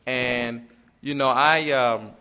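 A man's voice: mid-range voice, fairly even intonation, pushed and bright, clean tone. Earnest man sharing his recovery story. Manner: halting, repeats words, earnest. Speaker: speaker sharing at a recovery meeting. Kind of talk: personal testimony at a meeting.

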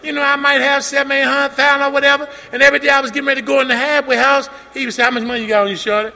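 Man, high gravelly bright voice, animated testimony in a reverberant hall. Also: very fast. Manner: animated storytelling, acting out both sides of dialogue, rising to shouts. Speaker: recovery meeting speaker. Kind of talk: personal testimony at a meeting. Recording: long hall reverb with faint room noise.

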